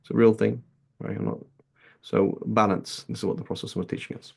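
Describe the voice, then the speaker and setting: Low-voiced man teaching casually. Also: fairly even intonation, fairly quick, gravelly, breathy edge. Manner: chatty, many "right?" and "like" asides. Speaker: teacher of a hadith class. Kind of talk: casual lecture with anecdotes.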